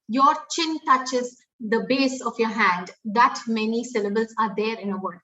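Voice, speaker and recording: A woman with an Indian English accent, a pre-primary educator giving a webinar, explaining step by step with many pauses and fillers. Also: a little high, pushed and bright, far from the mic, dull audio. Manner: explains step by step, often restarting and saying "uh" and "um". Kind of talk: webinar talk.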